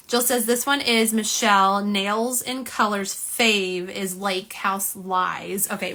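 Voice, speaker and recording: Bright-voiced woman chatting on a livestream. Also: a little high. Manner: chatty, reads viewer comments aloud, self-deprecating. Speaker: nail polish livestream host. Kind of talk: live unboxing and swatching stream. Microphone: phone camera, front and back.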